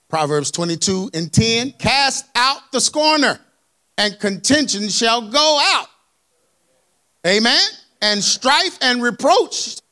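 A man preaching a sermon in a colloquial, animated way, asking the congregation for amens. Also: high-pitched. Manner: colloquial, dropped verbs and y'all.

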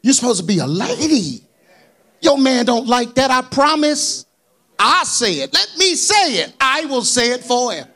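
Male preacher, high voice, very animated pitch, colloquial, calls for amens. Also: measured pace. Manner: colloquial, dropped verbs and y'all. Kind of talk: sermon.

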